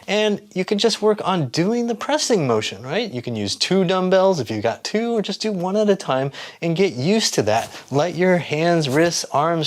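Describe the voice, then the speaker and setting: An encouraging fitness coach gives exercise instruction straight to the camera. The delivery is patient and methodical, breaking each movement into small steps, with a voice sitting at a middle pitch. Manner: patient, encouraging, explains step by step. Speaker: fitness coach and channel host.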